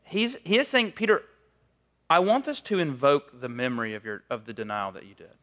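A man's voice: a little high, huge pitch swings, brisk, a bit bright. A man preaching a sermon in a conversational, storytelling way, with frequent casual fillers.

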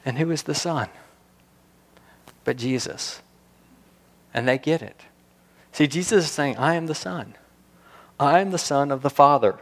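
A man's voice: fairly high pitch, a little slow, pauses often. Man preaching a sermon in a reverberant hall. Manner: animated, builds to emphatic peaks with repeated restarts. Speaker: pastor.

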